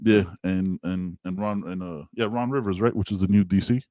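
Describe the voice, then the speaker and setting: A man hosting a casual sports podcast over a video call, animated and playful, trash-talking as he reacts. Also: deep voice, normal speed, no room sound. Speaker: podcast host.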